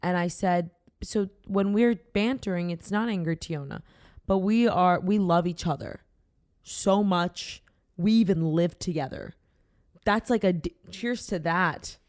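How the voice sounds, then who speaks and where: A woman's voice: fairly low pitch, unhurried, a little mellow, no echo, clean studio sound. A young woman hosting a podcast, chatting and teasing her co-host in a playful, casual way while having a drink. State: tipsy from drinking.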